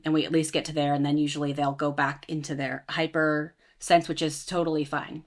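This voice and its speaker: A woman co-hosting a casual podcast chat, telling stories in a calm, even way. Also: low voice, a little fast, hardly any pauses. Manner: calm, even storytelling with acted-out quotes. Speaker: podcast co-host.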